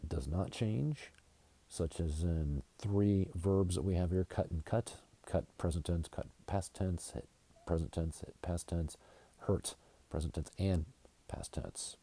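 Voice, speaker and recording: An American man teaching an English grammar lesson, going slowly and deliberately and spelling words out letter by letter. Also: low-pitched, warm tone, slightly rough, dry recording. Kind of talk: slide-based grammar lesson.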